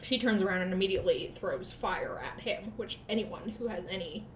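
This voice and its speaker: A woman co-hosting a book podcast, recapping chapters in casual chat, sarcastic and profane, slipping into quick voices for the characters. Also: mid-range voice, echoey room, a little hiss or hum.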